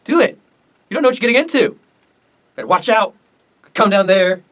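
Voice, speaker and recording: A man's voice: high-pitched, expressive, brisk, a bit bright, voice pushed up. A young man putting on a cocky, taunting voice for a bro-talking male president in a student history parody. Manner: taunting, bragging.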